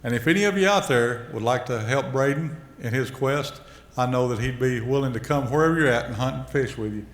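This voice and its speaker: A man's voice: medium pitch, a little fast. A man emceeing a ceremony, speaking to a seated audience in a plain, folksy, heartfelt way. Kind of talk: addressing a banquet audience. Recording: reverberant hall over a PA.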